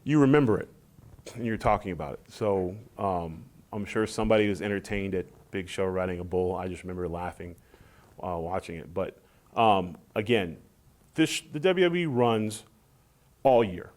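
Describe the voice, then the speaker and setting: A low-pitched middle-aged man talks casually as a guest in a shoot interview. He tells his stories with energy, jumping into high voices to play out what other people said. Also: moderate pace. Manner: animated storytelling, acts out quotes in high voices. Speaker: interview guest, former wrestler.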